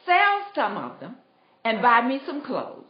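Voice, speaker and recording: A woman's voice: fairly high pitch, wildly swooping pitch, unhurried. Woman voicing a poor, eager young lad. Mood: wishful. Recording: roomy, dull lo-fi livestream.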